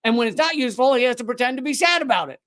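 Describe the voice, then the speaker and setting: A man's voice: extremely high pitch, lively intonation, rapid-fire, a bit bright. A man hosting a live political commentary show, talking in a sarcastic, ranting way. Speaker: show host.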